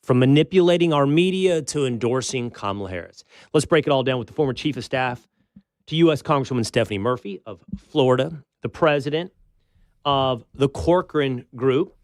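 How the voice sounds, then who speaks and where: Homme animateur de talk-show, ton incisif. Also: male voice, mid-range voice, a little fast, no echo, clean studio sound. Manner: pointed, conversational, challenging the guest. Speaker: show host.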